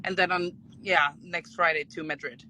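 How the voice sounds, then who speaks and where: A woman's voice: fairly low pitch, poor audio. A woman from the Faroe Islands with a Faroese accent, chatting animatedly as a guest on a livestream video call over a phone. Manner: chatty, animated, quick to laugh. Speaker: guest singer.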